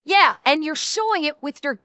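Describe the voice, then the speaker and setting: A woman's voice: high-pitched, expressive, normal speed, bright, forceful tone. A woman streamer in a heated, profane live reaction rant, talking into a desk microphone. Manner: angry, profane, heated ranting.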